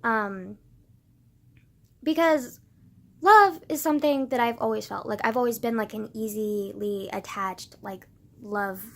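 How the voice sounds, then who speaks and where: A grieving woman in a casual confessional vlog, rambling with many filler words and swinging from quiet, subdued talk to loud emotional bursts. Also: medium pitch. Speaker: vlogger.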